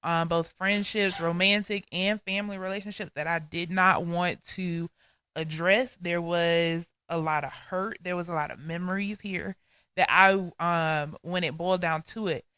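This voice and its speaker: A woman's voice: lowish voice, steady tone, moderate pace, pushed and bright, clear, resonant tone, dry recording. A woman from Georgia, co-hosting a podcast and telling an earnest, heartfelt faith testimony. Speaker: podcast co-host.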